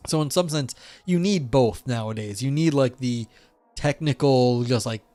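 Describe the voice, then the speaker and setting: A man's voice: mid-range voice, moderate pace, mellow, no room sound. Rambling blunt guy chatting on stream, dry close sound, faint music behind. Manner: rambling, blunt, self-described curmudgeon. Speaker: streamer reading chat. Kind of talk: casual livestream talk.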